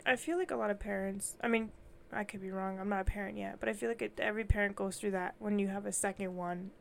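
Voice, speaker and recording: A young woman chatting casually as a co-host, with a lively, animated way of retelling little everyday stories full of "like". Her voice sits at a middle pitch for a woman. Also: fast talker, creaky, a little hiss or hum. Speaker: podcast co-host. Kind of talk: casual chat.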